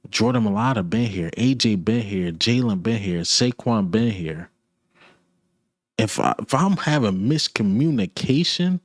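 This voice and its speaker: Fan commentator, male, low and dry, blunt and repetitive ranting. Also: dry recording. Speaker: sports commentator. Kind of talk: ranting sports talk.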